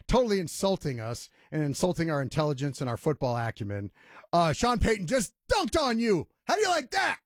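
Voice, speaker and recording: A man's voice: high voice, sing-song, brisk, dry recording, studio quality. A man hosting a sports talk radio show, ranting emphatically and mocking others in voiced quotes.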